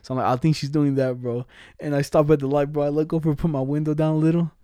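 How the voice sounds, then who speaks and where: A young man cohosts a casual podcast, spinning slangy stories with frequent laughs. His voice is mellow and warm. The sound is dry and close. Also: on the high side, flat delivery, fast talker, smooth, no echo. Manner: laid-back slangy storytelling, frequent laughs. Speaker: podcast co-host. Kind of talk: casual chat.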